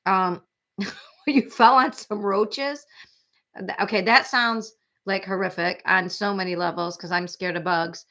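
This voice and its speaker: A woman's voice: medium pitch, steady tone, measured pace, creaky, sharp tone. A woman in her forties hosting a true crime livestream, chatting casually and rambling sympathetically as she reads viewer comments.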